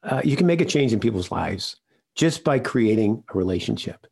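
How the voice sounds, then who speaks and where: An older man telling a personal story in an interview, earnest and halting, often restarting his sentences. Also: fairly low pitch, lively intonation, gravelly, a little mellow, breathy edge. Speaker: regular podcast host, interviewed guest.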